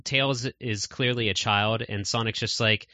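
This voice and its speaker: A man hosts a podcast in loose, rambling casual chat that is full of fillers. His voice sits a little low with a bright, forceful edge. The recording is dry and close. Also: steady tone, measured pace, dry recording. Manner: rambling, many fillers and laughs. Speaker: podcast host.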